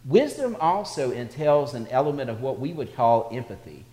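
A male pastor preaching to a congregation from a reverberant hall, his voice ringing on with a long tail of echo. He tells stories in a steady voice of middling pitch and swells in volume as he draws his points out. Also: moderate pace. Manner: storytelling preacher, builds in volume for anecdotes. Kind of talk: sermon. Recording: echoey hall.

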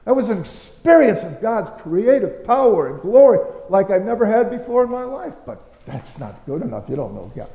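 A male pastor preaches in a loose, storytelling way, pressing his point with rhetorical questions and bursts of emphasis. His voice sits a little high for a man but sounds mellow and warm. The sound rings in a roomy church with a long hall reverb. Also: sing-song, moderate pace, creaky, hardly any pauses, dull audio. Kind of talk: storytelling sermon.

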